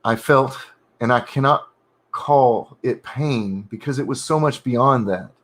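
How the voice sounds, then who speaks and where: A man reads through his own dark horror draft on a writing stream, in halting bursts with frequent self-corrections. He stops to rephrase lines and mutter small remarks about the text. His voice sits at a middle pitch. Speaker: writer streaming his editing.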